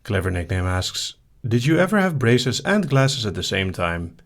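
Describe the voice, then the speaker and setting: A man hosting a live hypnosis stream, casually reading viewer questions aloud and answering them in a soft, easygoing way. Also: lowish voice, sing-song, moderate pace. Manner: soft-spoken, easygoing, reads each question aloud then answers briefly.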